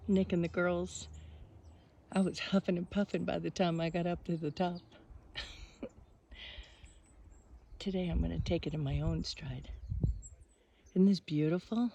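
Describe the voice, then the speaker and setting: A woman in her fifties, talking outdoors on a mountaintop in a soft, musing, rambling way as a vlogger. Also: fairly low pitch, slight background noise. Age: 50s. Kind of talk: reflective vlog monologue.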